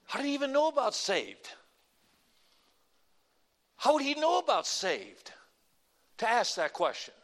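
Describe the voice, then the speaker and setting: A middle-aged man preaching a sermon, animated, dropping to a hush and then rising loud again. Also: sits high. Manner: animated, swings from hushed to loud. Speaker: pastor.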